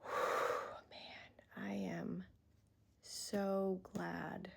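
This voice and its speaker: A woman talking in a reflective personal vlog, earnest and emotional, pausing often and sighing. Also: fairly low pitch, flat delivery, gravelly, fairly bright tone, slightly rough, in a whisper. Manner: slow, heartfelt, pausing often with sighs. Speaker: vlogger.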